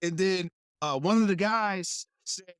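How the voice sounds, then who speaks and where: A man's voice: high-pitched, measured pace, clean tone, no echo, clean studio sound. A man who is a guest actor, telling a story in casual chat and animatedly acting out the voices he quotes. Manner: animated, acts out quoted voices, laughs often.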